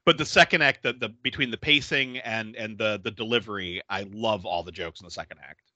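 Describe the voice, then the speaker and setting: A man's voice: lowish voice, fairly quick, pushed and bright, no echo. A man casually recapping a film plot, laughing often and acting out characters' lines. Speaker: podcast host recapping a film. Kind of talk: casual movie recap chat.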